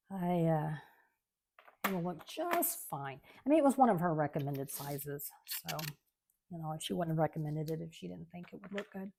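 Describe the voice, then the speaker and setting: A woman, chatting casually and rambling softly as she works on a craft at home. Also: low voice, lively intonation, a little slow, gravelly, long pauses, noisy background. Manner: chatty, rambling, soft-spoken. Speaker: craft channel host. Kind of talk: casual chat while crafting.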